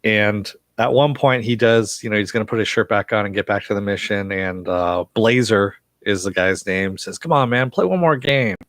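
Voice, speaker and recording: A man's voice: fairly low pitch, fairly even intonation, normal speed, hardly any pauses, fairly bright tone, no echo, clean studio sound. A man recapping a TV episode on a live stream, rambling with lots of fillers and chuckles. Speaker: TV show reviewer.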